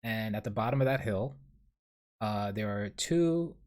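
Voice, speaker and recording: A man's voice: lowish voice, animated, unhurried, darkish tone. Rambling, profane New man. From New York City. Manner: rambling, profane, self-deprecating storytelling. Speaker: podcast host. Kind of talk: casual solo podcast monologue.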